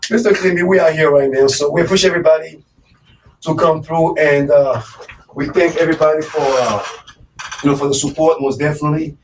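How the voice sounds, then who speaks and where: A man's voice: on the high side, steady tone, a little fast, recorded from a distance, a little hiss or hum, low-quality recording. A man hosting a live radio show in casual chat, rambling with lots of fillers and repeated words. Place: radio studio.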